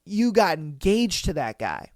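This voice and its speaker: Animated, profane man hosting a podcast. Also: high voice, measured pace, no room sound, clean studio sound. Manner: animated, profane, slangy commentary. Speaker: podcast host. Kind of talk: reading posts aloud and reacting.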